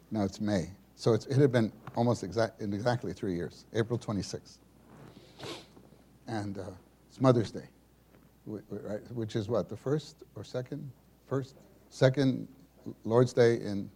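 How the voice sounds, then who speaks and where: A man telling a personal story at a church meeting, animated and acting out the people in it. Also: on the low side, a little hiss or hum. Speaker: speaker sharing a testimony at a church meeting.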